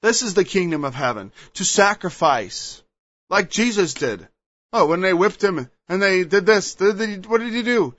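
A man's voice: sits high, lively intonation, moderate pace, fairly bright tone, dry recording. A man preaching a sermon, emphatic and digressive, reading scripture and explaining it. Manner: acts out quoted voices, emphatic, digressive. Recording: dull, lo-fi dry recording.

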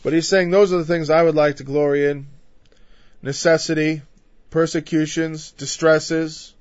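A man's voice: a little high, fairly even intonation, normal speed, no echo. A man preaching a conversational sermon on a Bible passage, full of "you know" asides and rising into impassioned lists. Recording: dull, dry lo-fi recording.

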